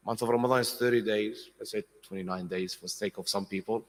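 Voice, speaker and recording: A man giving an impassioned sermon at a mourning gathering, swinging from soft to loud and putting questions to his audience. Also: lowish voice, normal speed. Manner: asks the audience questions directly. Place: large hall with congregation. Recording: long hall reverb.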